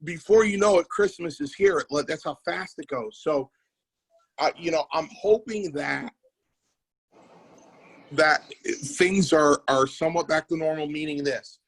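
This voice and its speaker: Unhurried and fairly high-pitched, a wrestling promoter who used to wrestle tells stories in a casual podcast chat despite poor audio. He's an animated storyteller, acting out the people he quotes.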